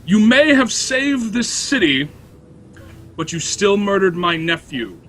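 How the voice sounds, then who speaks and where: A man voicing a stern middle-aged noblewoman who makes a formal, measured pronouncement in a tabletop game. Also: high-pitched, big pitch swings, a bit bright, voice pushed up, exaggerated voice.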